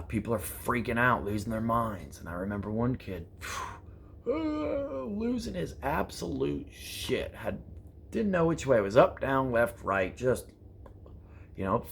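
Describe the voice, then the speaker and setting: Animated man with a low voice. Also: normal speed, slight background noise. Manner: animated, acts out quoted exchanges, profane, repeats phrases for emphasis. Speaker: prepper vlogger. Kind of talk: motivational storytelling to camera.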